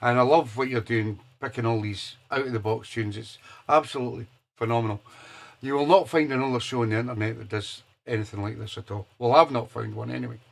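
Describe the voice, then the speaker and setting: A man's voice: medium pitch, steady tone, fast talker, creaky. A man, hosting a live soul radio show in a chatty, enthusiastic way with loose hesitations. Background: music playing.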